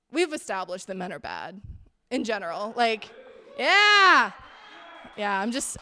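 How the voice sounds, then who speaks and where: A woman's voice: a little high, fairly bright tone, clean tone. Young woman doing stand-up in a big echoey theater, rambly self-deprecating, lotta "like"s. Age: young adult. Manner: chatty, filler-heavy, self-deprecating, full of "like". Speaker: student stand-up comedian. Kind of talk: stand-up comedy set. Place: theater stage, tiny live audience. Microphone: handheld stage microphone. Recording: long reverb of a theater hall.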